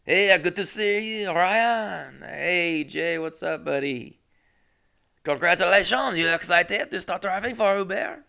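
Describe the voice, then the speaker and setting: A man putting on a chummy, high-pitched French rental guy. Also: measured pace, creaky, sharp tone, smooth, heavily acted. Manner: chummy, upbeat greeting. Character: friendly male French car-rental man.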